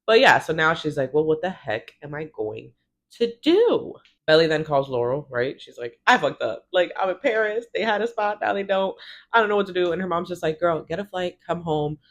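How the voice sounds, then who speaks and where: A woman in her thirties giving a casual, chatty TV recap, swearing freely and acting out the characters' lines. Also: low voice. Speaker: show recap vlogger.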